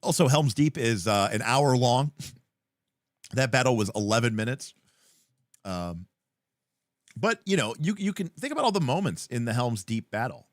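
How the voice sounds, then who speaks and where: A man co-hosting a livestream, chatting casually about tabletop games, rambling with lots of fillers and acting out scenes in quick voices. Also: medium pitch, big pitch swings, dry recording, studio quality. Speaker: livestream co-host.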